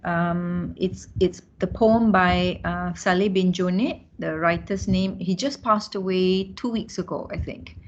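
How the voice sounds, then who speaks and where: A woman lecturer with a Malaysian accent, teaching a class and pausing often with fillers and restarts. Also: on the low side. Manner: hesitant, many fillers and restarts. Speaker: university lecturer. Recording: dull lo-fi sound.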